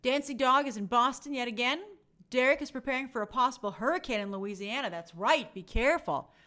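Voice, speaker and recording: This young live streamer has a slightly high, sharp-toned voice and talks fairly quickly. She keeps things friendly and chatty, reading out comments and names from her viewers.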